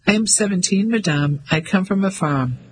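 A man voicing a frightened seventeen-year-old French farm girl who speaks softly and pleads. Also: high-pitched, expressive, normal speed, breathy edge, pitched above the performer's own voice, low-quality recording. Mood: timid. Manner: soft, pleading.

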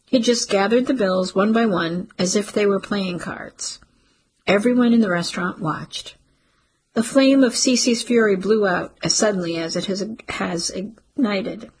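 A woman narrating a literary story in a steady audiobook reading. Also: mid-range voice, a little slow, breathy edge, rough recording.

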